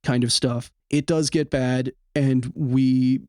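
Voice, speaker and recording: Man, podcast host, blunt, swears a lot, middle pitch, dry close sound. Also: steady tone, takes it slowly, darkish tone, clean tone, dry recording. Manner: blunt, swears freely, rambling. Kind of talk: casual podcast chat.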